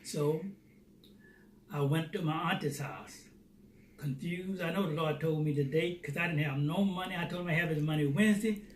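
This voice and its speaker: A man telling a personal faith testimony as a lively storyteller who acts out the dialogue. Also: a little high, normal speed. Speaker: Christian theater founder. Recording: roomy, distant mic, faint noise.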